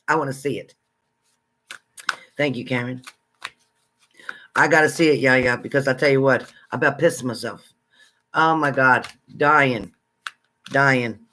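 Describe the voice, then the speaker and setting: A man hosting a casual livestream, chatting with viewers and greeting them by name, excitable and exclamatory. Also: medium pitch. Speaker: livestream psychic reader. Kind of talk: casual live chat with viewers.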